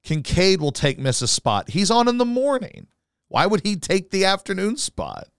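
A man hosting his own podcast, venting in a profane, mocking tone. His voice is smooth and clear, and his pitch swings around a lot. The sound is dry and close to the mic. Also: huge pitch swings, normal speed, no echo. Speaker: podcast host. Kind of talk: solo podcast rant.

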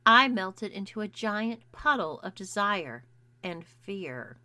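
A woman narrating a first-person story in a measured, intimate reading. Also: mid-range voice, very animated, sharp tone, dry recording. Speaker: audiobook narrator.

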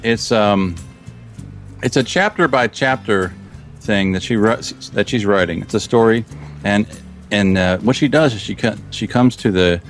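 A man with a fairly low voice talks casually as a podcast guest, rambling a little and correcting himself mid-sentence. He chuckles easily while he explains his plans, and faint music sits under the talk. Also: a little slow. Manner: rambling, self-interrupting, chuckles often. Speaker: podcast guest, Minecraft video creator.

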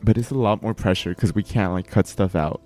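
Californian host, very low, dark voice, laid-back chatter peppered with "like". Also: male voice, brisk, faint music behind. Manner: relaxed, fills speech with "like". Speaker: podcast host. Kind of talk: casual chat.

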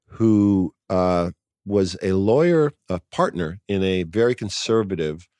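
A man's voice: low voice, a little mellow, clear, resonant tone, dry recording, clean studio sound. A man in his sixties from New York City, a guest in a casual interview, talking in a reflective, thoughtful way. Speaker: actor guest.

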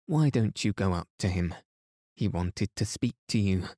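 A man voicing a courteous, ironic elderly nobleman father in an audiobook, speaking gently and politely. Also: sits low, expressive, unhurried, dry recording, clean studio sound.

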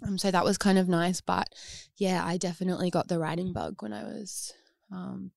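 A woman's voice: lowish voice, steady tone, moderate pace, creaky, a little mellow, dry recording, clean studio sound. A young woman with an Australian accent, a musician guest chatting casually and poking fun at herself. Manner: giggly, self-mocking. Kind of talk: casual interview chat. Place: studio room at a label office.

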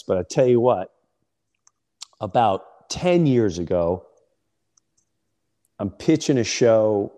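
A middle-aged man hosting a comedy podcast, telling an animated story and acting out the people in it. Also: fairly low pitch. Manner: animated, acts out other people's voices. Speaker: host.

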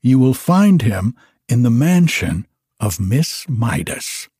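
A gloomy young glass blower, as a man reads him, low and unhurried with a mellow, husky tone. The delivery is dry and close to the mic. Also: sing-song, no echo, heavily acted. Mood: eager.

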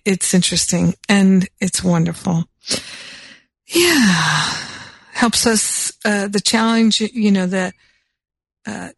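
A woman hosting a spiritual talk show, chatting casually with frequent laughs before leading a gentle prayer. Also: medium pitch, no room sound. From United States. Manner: unhurried, laughs often, fillers. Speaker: spiritual teacher and show host.

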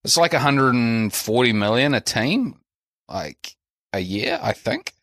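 A man's voice: mid-range voice, very animated, unhurried, fairly bright tone, no room sound, studio quality. Laughing new zealand podcast guy. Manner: laughing, rambling with restarts. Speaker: podcast co-host. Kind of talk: casual chat.

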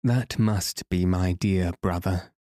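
A man's voice: deep voice, steady tone, slow, warm tone, dry recording, studio quality. A man voicing an earnest, anxious grown man in a storybook who has been searching for his lost brother.

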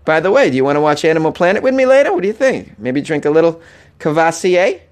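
A sleazy, smooth-talking boyfriend, as a man puts him on, coaxing in a raised, wheedling voice. Every line lilts up into a pushy little question. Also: fairly high pitch, big pitch swings, fast talker.

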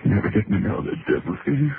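A man's voice: on the low side, brisk, close to an everyday voice. An actor playing a panicked, injured man fleeing a monster spider, gasping and crying out in old radio drama acting, on a tinny, hissy recording. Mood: exhausted. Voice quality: breathless, gasping, desperate cries.

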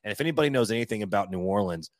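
A young man co-hosting a podcast, telling a story in casual chat, animated and quick to laugh, swearing now and then. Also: on the low side, dry recording. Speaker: podcast co-host.

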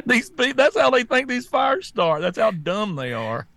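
A man's voice: extremely high pitch, sing-song, a little slow, gravelly, bright, forceful tone, no room sound. A man co-hosting a talk show, talking bluntly and scornfully and laughing often. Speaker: co-host. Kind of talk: casual talk-show banter.

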